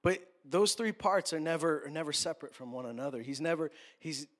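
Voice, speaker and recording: A man with a notably high voice preaches a sermon. He keeps it conversational, dropping jokes and quick asides as he teaches from the pulpit. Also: animated, fairly bright tone. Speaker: pastor.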